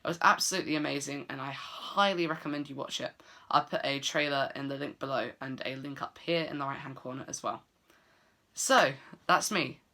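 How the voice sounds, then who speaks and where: A man's voice: mid-range voice, brisk, bright, forceful tone. A man giving a casual, enthusiastic film review to camera, with frequent fillers and restarts.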